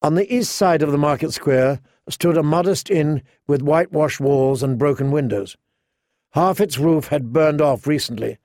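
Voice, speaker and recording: A man narrating an audiobook in a measured, unhurried, vivid way. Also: on the high side, darkish tone, no echo, clean studio sound. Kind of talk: scripted narration.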